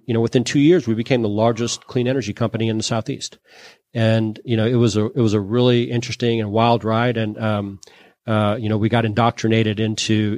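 A man's voice: fairly low pitch, darkish tone, dry recording. A man from Louisiana, a guest on an interview show, telling his business story in a chatty, anecdotal way with many "you know"s and "um"s. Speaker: guest, solar entrepreneur.

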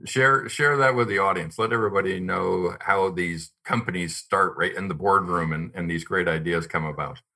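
Podcast host, man, deep bright voice, upbeat interviewer with an eager tone. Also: normal speed, hardly any pauses. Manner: upbeat, friendly host talk, some fillers. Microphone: video call.

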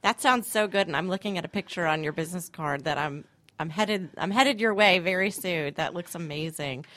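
A woman's voice: on the low side, fairly quick, fairly bright tone, no echo. A woman hosting a radio talk segment, friendly and upbeat as she introduces and questions a guest. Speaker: radio show host. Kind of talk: radio interview chat. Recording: dry studio mic.

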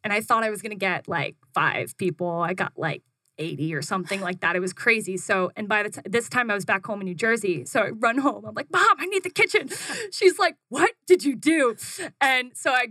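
A young woman with a bright, clear voice, recorded close in a dry space. She talks in a casual, chatty way, full of "like," and tells her story with lots of energy. When she quotes herself, her voice jumps higher. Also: brisk, no echo. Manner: animated, acts out her own quotes in a higher voice, frequent "like". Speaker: guest, food business founder.

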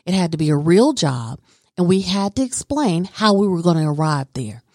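A woman's voice: on the low side, lively intonation, normal speed, a little mellow, no echo, clean studio sound. A woman telling her life story in an interview, earnest and emphatic. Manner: earnest and emphatic, talks with conviction. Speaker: guest.

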